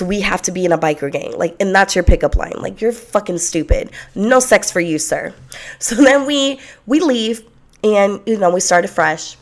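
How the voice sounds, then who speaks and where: A young woman telling a personal story in a blunt, profane, sarcastic and animated way. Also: medium pitch, moderate pace. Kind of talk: casual storytelling.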